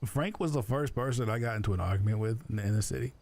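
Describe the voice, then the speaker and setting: A man chatting in character during an online roleplay stream, rambling and halting with lots of fillers. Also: fairly low pitch, darkish tone, no room sound.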